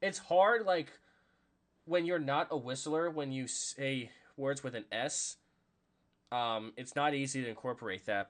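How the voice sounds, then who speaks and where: A man's voice: mid-range voice, unhurried. Rambling man calling a live game. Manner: rambling and self-conscious, full of fillers; bursts into excited play calls. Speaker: podcast host. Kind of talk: live game reaction commentary.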